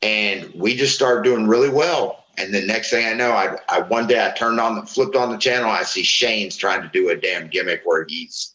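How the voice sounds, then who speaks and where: This former pro wrestler, a middle-aged man from Florida, speaks in a fairly low voice at a moderate clip with hardly any pauses, captured in a roomy space on a rough recording. As an interview guest, he spins profane, lively yarns and acts out other people's lines.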